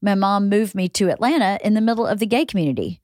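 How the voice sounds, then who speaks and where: A woman in her fifties hosts a relaxed interview, chatting and readily agreeing with her guest. Her voice sits at a middle pitch, recorded dry and close. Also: fast talker, no echo. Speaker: podcast host. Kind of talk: casual conversation.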